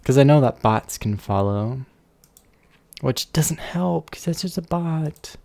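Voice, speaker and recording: Rambling streamer with a dark, gravelly voice. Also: male voice, on the high side, animated, slow pace. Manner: rambling, chatty, playful asides. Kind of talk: casual live-stream chat. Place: warm room at home. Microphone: desk microphone. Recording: slight background hum.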